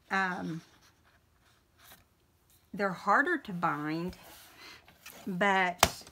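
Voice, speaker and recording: A woman talks slowly and brightly, thinking aloud as she trims and folds paper. Her throat keeps catching, so she coughs and clears it now and then. A faint hiss and soft clicks from her crafting sit behind her voice. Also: mid-range voice. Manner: chatty, thinks aloud while working. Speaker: crafting video host. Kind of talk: casual craft tutorial.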